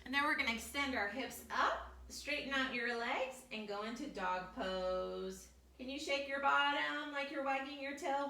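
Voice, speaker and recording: Bright, bubbly woman leading kids yoga. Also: high voice, normal speed, hardly any pauses. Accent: American. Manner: animated, encouraging, playful animal sounds. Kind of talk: storytime yoga for children. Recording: echoey room, far from mic.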